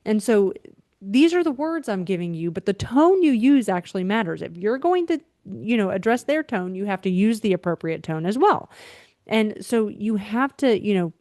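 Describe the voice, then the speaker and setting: A woman's voice: mid-range voice, moderate pace, dry recording. Emphatic woman coaching parents, dry close sound. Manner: animated, emphatic teaching with frequent "okay?" check-ins. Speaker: biblical behavior coach. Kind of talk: parenting advice talk.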